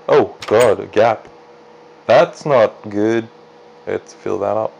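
A man casually commentating his own gameplay, chatty and self-deprecating, jumping into excited high yelps. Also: slow, creaky, highs cut off, slight background noise. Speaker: let's play gamer.

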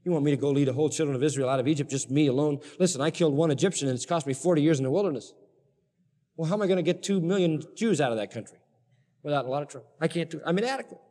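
A man voicing a doubting, self-deprecating older male prophet, talking in a hurried, pleading way within his sermon. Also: a little high, warm tone, natural voice. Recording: long hall reverb.

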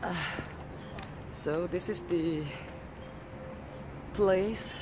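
A livestreamer with a Singaporean English accent, streaming casually from a park playground at night on a handheld camera. They call their dogs loudly in a high, excited voice, then drop to low asides to the viewers. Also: very slow, music in the background.

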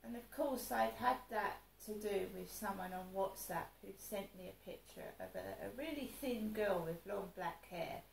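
A woman with a gravelly, creaky voice rambles through a personal story. She sounds upset and vents as she goes, often restarting her sentences. The room echoes around her, with a faint ambient hum behind. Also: medium pitch, moderate pace, hardly any pauses. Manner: upset, venting, meandering with restarts. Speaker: vlogger.

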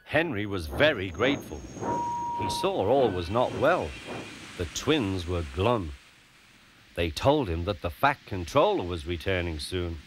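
A man narrating a children's story, clear and expressive. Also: sits low, measured pace, noisy background.

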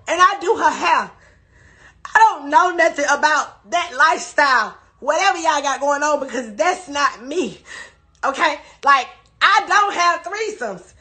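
Speaking in a very high, pushed, bright voice, a woman goes on an emotional rant during a livestream, heavy on swearing and on repeated, emphatic denials.

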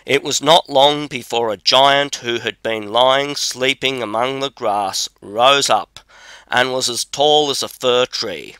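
A man narrating a classic fairy tale as an audiobook, in a measured, unhurried way. His voice is bright and smooth, and the recording is dry and close. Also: medium pitch, no echo.

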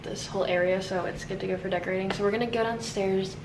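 A woman's voice: medium pitch, fairly even intonation, quick pace, recorded from a distance. A young woman chatting casually for her vlog, bubbly and slangy, joking around with a friend while decorating her house. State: out of breath. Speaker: vlogger. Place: house and basement, indoors. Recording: roomy home audio with faint ambient noise.

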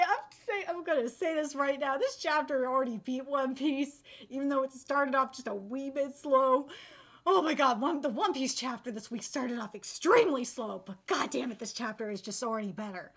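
A very high-pitched woman reacts live to a comic chapter, squealing and gasping with excitement and swearing freely. Her voice leaps around in pitch and has a bright, sharp edge. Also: moderate pace. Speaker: streamer reacting to a manga chapter. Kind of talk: live reaction, reading aloud.

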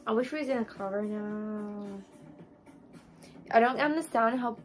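A young woman talks her way through a makeup session while clearly drunk. Her voice sits a little high and wanders in a loose, rambling way, full of casual swearing. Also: a little slow. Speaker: vlogger.

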